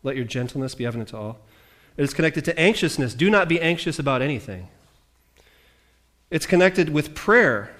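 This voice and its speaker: A man preaching a sermon as pastor, animated, with jokey asides and voices he mimics. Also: a little high, a little fast.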